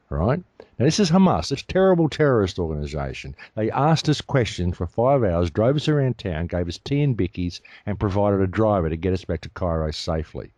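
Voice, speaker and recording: A man's voice: sits low, lively intonation, brisk, darkish tone, dry recording. A man, talking emphatically and indignantly as a guest in an interview. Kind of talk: heated interview talk.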